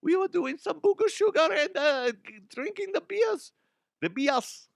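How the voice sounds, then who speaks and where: A shrill, panicked German man squeals in a strained falsetto with a thick mock German accent. He sounds bewildered and helpless, heard dry and close. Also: lively intonation, unhurried, vocal fry, no room sound, full character voice. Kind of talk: comedic impression.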